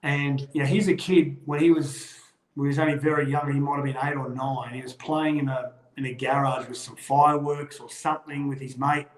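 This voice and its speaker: A man's voice: medium pitch, fairly quick, reverberant, low-quality recording. A middle-aged Australian man, a former rugby league player, telling stories in a casual chat and acting out the voices of the people he quotes. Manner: animated yarn-spinner, acts out quoted voices.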